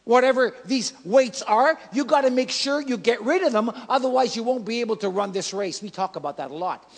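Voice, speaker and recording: High-voiced man preaching a sermon. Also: expressive, brisk, in a large hall. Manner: preaching with emphatic swings from loud to soft. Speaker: pastor. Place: church.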